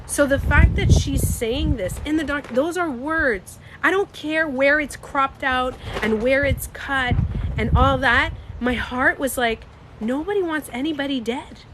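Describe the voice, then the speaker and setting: A young woman with a slightly high voice talks straight to her livestream viewers, emphatic and reacting to their comments. A faint noise sits under her voice. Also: takes it slowly. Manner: emphatic, reads and answers chat comments. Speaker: livestream host.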